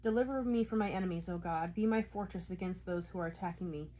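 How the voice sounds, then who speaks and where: Woman, lowish voice, measured psalm reading, co-host. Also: warm tone, rough recording. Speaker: Bible reader.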